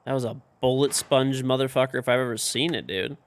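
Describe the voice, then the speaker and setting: A man's voice: medium pitch, brisk, a little hiss or hum. A young man live-streaming a game from home, rambling casually and swearing, with lots of "like" in his speech. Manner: rambling and profane, full of "like". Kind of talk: casual live-stream chat while gaming.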